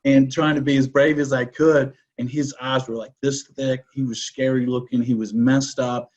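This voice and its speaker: A man's voice: medium pitch, level tone, moderate pace, lo-fi sound. A man, a real estate broker and podcast guest, talking assertively and telling stories, often checking in with "right?". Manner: assertive, explains with rhetorical "right?". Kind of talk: conversational interview storytelling.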